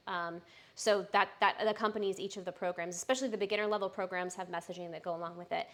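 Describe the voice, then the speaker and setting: A woman's voice: medium pitch, fast talker, a bit bright. A young adult woman, a personal trainer, chatting casually and upbeat on a live stream, with frequent fillers.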